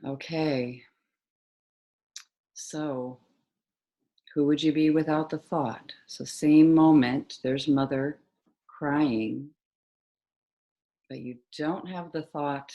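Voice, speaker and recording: A woman facilitating a self-inquiry session, asking guiding questions calmly and murmuring as she listens. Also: deep voice. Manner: calm and unhurried, with frequent soft "mm" listening sounds.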